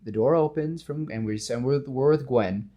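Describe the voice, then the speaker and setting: A man hosting a podcast, casually pitching a film scene with animated storytelling and lots of fillers. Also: moderate pace, muffled recording. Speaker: podcast host.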